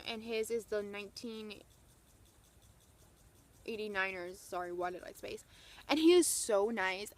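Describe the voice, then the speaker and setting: A young woman vlogger gushing through an excited storytime, full of "like" and retold quotes. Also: on the high side. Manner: gushing, breathless retelling full of "like".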